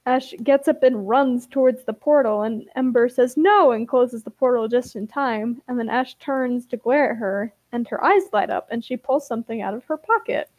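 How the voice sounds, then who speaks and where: A woman's voice: a little high, moderate pace, hardly any pauses, darkish tone, no room sound. A young woman co-hosting a podcast. She reads her old fan story aloud with commentary, giggles often, and jumps her voice up for the quoted characters. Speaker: podcast co-host.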